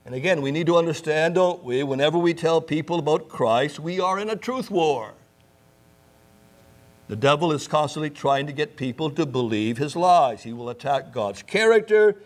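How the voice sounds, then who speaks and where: A man's voice: fairly high pitch, expressive, normal speed. A man preaching a sermon, emphatic, repeating key phrases and asking rhetorical questions. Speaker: pastor.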